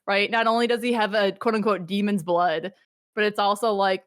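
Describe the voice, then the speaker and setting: A woman's voice: medium pitch, steady tone, moderate pace, fairly bright tone, no echo, clean studio sound. A young woman hosting a podcast, chatting casually and animatedly, peppering her talk with "like" and slipping into silly character voices. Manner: heavy use of filler "like". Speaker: podcast host. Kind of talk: casual chat.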